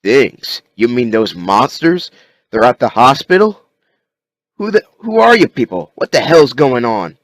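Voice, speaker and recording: A man voicing a panicked, injured man in a zombie outbreak, yelling frantically. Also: lowish voice, moderate pace, no echo, pitched above the performer's own voice, lightly acted. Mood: confused.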